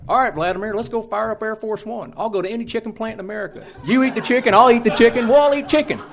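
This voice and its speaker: A man doing an exuberant impression of a bold, jovial older president, in a loud, high put-on voice. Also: rapid-fire, crowd noise.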